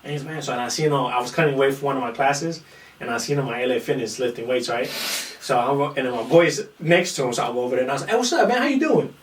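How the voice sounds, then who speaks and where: A man in casual podcast talk, spinning a swear-laden story and acting out everyone's lines. His voice sits at an ordinary middle pitch. The recording is roomy and echoey, and he sounds set back from the microphone. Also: fast talker, slight background noise. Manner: animated, profane storytelling that acts out quotes. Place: room in a small podcast setup. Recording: roomy echo, far from the mic.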